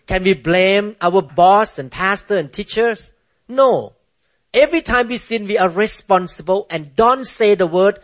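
A pastor preaching a sermon with emphasis, spelling out words letter by letter and asking rhetorical questions. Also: male voice, high-pitched, lo-fi sound.

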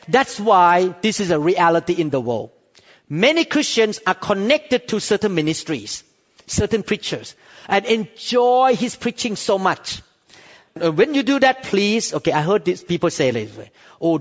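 High-voiced preacher in a reverberant hall. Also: male voice, lo-fi sound. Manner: emphatic, repetitive, calls for "Amen?"; non-native English with an accent. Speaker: pastor. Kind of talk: sermon.

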